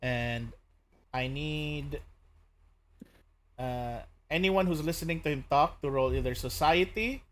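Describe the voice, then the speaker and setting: A man's voice: on the high side, slow pace, pauses often, a bit bright. A man narrating as game master of a tabletop game, hesitant, filling his speech with "uh" and "basically".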